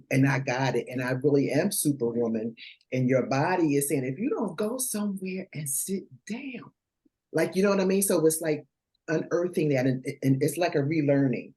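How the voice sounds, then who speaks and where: A middle-aged woman talks casually on a panel about raising her daughter. She is animated and jumps high in pitch when she acts out what her daughter says. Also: poor audio. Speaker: panel guest, mother.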